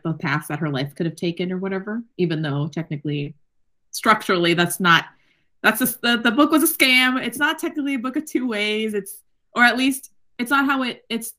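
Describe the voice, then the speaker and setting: A woman's voice: on the low side, fairly bright tone. A woman hosting a casual book-club podcast, talking in a profane, emphatic way and mocking the characters in quoted voices. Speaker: podcast host.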